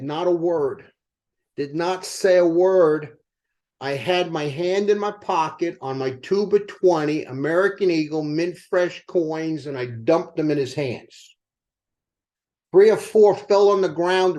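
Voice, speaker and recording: Speaking to the sales team, the company's older co-founder shares motivational sales stories in a high voice. He tells them with animation, peppering his talk with rhetorical questions for the audience.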